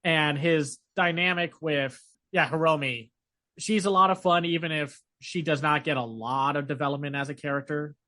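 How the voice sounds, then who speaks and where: A chatty man co-hosting a podcast, his voice sitting a little high for a man. He talks in an animated, rambling way, full of fillers and quick asides. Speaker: podcast co-host. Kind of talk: casual chat.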